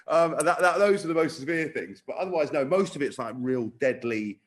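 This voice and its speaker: A man co-hosting a podcast, telling stories in casual chat, animated and sweary. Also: mid-range voice, fast. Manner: animated, swearing, acting out quotes. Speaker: podcast co-host.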